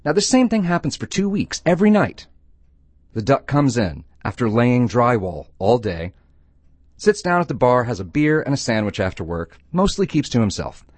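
Man, radio host, playful joke-telling, very lively pitch, dry close mic. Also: normal speed, dry recording. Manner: playful, animated storytelling. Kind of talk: call-in radio show, telling jokes.

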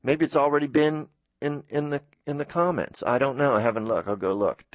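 Man, middle-aged, radio host, rambling monologue, acts out quoted voices, medium pitch, dry close mic. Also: steady tone, fairly quick, dry recording. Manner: storytelling, puts on quoted voices.

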